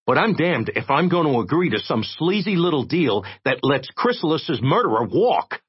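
A man doing a high, pushy, stubborn guy. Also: sing-song, normal speed, husky, heavily acted. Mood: insistent. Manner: blunt, pushy. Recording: dry, dull lo-fi recording.

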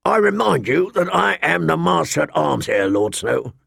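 A man voicing a cruel, mocking master-at-arms with a sharp, cold voice in an audiobook. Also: a little high, sing-song, normal speed, gravelly, breathy edge, dry recording, clean studio sound, voice pushed up, exaggerated voice.

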